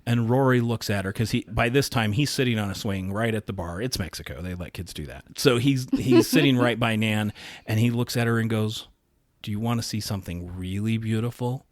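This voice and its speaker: A man's voice: on the low side, brisk, no room sound, studio quality. A man co-hosting a podcast, telling a funny anecdote in a playful, chatty way and acting out the quotes. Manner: playful storyteller, acts out quotes. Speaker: podcast co-host. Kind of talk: casual chat.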